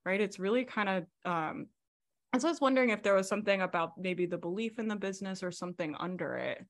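A woman coaching on a video call. She talks fast and animatedly, with many fillers. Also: mid-range voice. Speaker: business coach.

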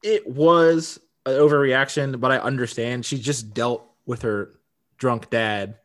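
A man's voice: medium pitch, fairly even intonation, measured pace, fairly bright tone. A man co-hosting a podcast, casually recapping a TV episode, chatty, laughing often and repeating words. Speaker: podcast co-host.

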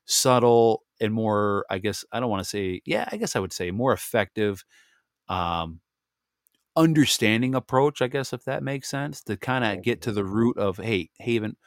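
A young man hosting a podcast, telling family stories in a casual, animated way, laughing often and acting out what people said. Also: lowish voice, moderate pace, no echo, studio quality. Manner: animated storyteller, laughs often, acts out dialogue. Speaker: podcast host. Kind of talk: casual chat.

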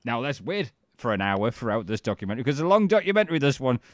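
Sweary podcast co-host. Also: male voice, mid-range voice, quick pace, no echo, studio quality. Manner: animated, sweary, does voices when retelling. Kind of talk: casual chat.

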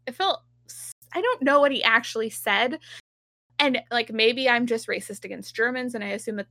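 A woman's voice: fairly high pitch, moderate pace, sharp tone, no echo, clean studio sound. A woman in casual podcast chat, recapping an episode, acting out quotes and laughing often. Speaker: podcast co-host.

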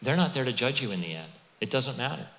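Preaching as a pastor, this middle-aged man speaks quickly at a medium pitch, spinning animated, chatty stories and turning to the congregation with side remarks. His words ring out in a hall with long reverb.

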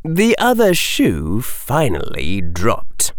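A man narrating an audiobook in a measured, expressive storytelling manner on a studio microphone. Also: medium pitch, smooth, no echo.

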